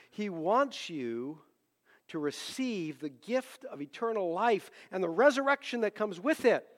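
A male pastor preaches with passion in a fairly high voice, swinging from hushed pleading to loud emphasis. The room adds a long, trailing reverb to every line. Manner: impassioned, climbs into loud emphatic peaks. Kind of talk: sermon.

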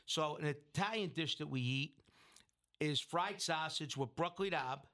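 Middle-aged man, restaurant owner, rambling anecdote, somewhat high voice. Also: moderate pace, bright, forceful tone. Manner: rambling, with restarts and acted-out quotes. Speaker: restaurant owner and food entrepreneur. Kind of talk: interview storytelling.

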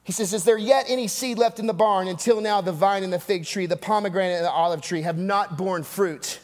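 A man's voice: sits high, brisk. A man preaching a sermon, emphatic and repetitive, with rhetorical asides and dramatic drops in voice. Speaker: pastor. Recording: long hall reverb.

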